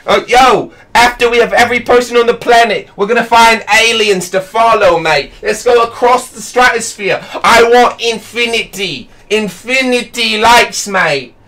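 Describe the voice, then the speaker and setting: A man putting on a boastful young male YouTuber with a fake British accent, loud and saying "mate" a lot. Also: very high-pitched, moderate pace, hardly any pauses, far from the mic, pitched above the performer's own voice, exaggerated voice. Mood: hyped boasting.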